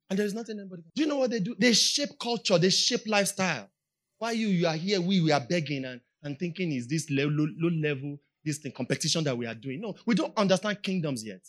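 A Nigerian woman with a Nigerian accent preaching a sermon, repeating her points and building up to shouts. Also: fairly low pitch.

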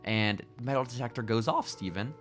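A man's voice: mid-range voice, fairly quick, fairly bright tone, soft background music. A young man casually recapping a movie plot on a podcast, loose and profane. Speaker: podcast co-host. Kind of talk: casual chat.

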